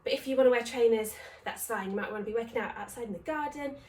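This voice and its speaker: A female fitness instructor with a higher, slightly mellow voice speaks quickly while leading a home workout, cheering on her audience and counting reps as exertion leaves her breathless. The echoey room puts her at a distance, with slight background noise.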